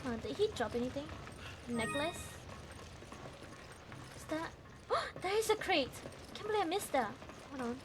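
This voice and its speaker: A young woman streaming a game, talking excitably and panicky, laughing and swearing often. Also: sits high, measured pace, pauses often, background noise. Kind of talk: live gameplay commentary. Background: game music.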